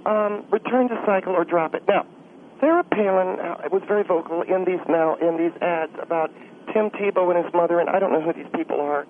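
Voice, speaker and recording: A man's voice: high voice, a little fast, pitched above the performer's own voice, lightly acted. A man voicing a prim, condescending middle-aged woman candidate, a guest on a radio show. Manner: prissy, condescending, fussy. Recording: tinny phone-line sound, faint hiss.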